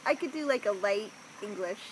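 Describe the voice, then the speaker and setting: A woman co-hosting a knitting podcast, chatting in a relaxed way and laughing along with her friend. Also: medium pitch, a little fast, a little hiss or hum, low-quality recording. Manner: relaxed, laughs along, adds short remarks. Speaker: podcast co-host. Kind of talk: casual chat.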